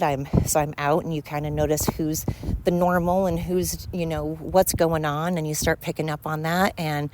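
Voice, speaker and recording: A woman's voice: low-pitched, a little mellow, low-quality recording. A woman hosting a casual solo podcast while out walking, a bit out of breath, rambling with many fillers and asides. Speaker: podcast host. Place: outdoors in a neighborhood. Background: leaf blower and street noise.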